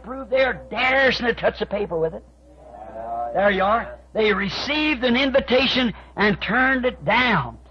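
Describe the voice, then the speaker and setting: A man preaching a sermon, telling stories and acting out conversations, with his voice climbing to shouts. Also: extremely high pitch. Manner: storytelling, quoting both sides of conversations, rising to shouts. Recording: dull lo-fi archive tape recording.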